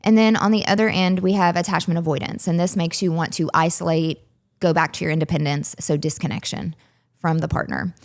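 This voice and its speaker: A woman with a Southern US accent explains things clearly and patiently as an interview guest. Her voice sits a little low for a woman. She lays out each idea step by step. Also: steady tone, fairly quick. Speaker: relationship coach and psychologist, guest.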